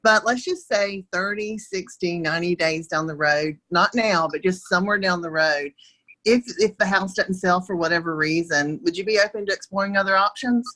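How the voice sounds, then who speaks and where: A woman with a Southern US accent reads through a sales script over a video call. Her voice is bright and a little low for a woman, and her delivery is soft and easygoing. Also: moderate pace, low-quality recording. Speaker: real estate agent practicing a script.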